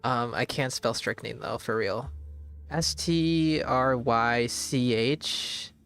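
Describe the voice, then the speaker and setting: A man streaming a game live, thinking aloud in a slow, halting way and sometimes spelling words out letter by letter. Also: medium pitch, gravelly, fairly bright tone, clean tone. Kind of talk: casual live gameplay commentary.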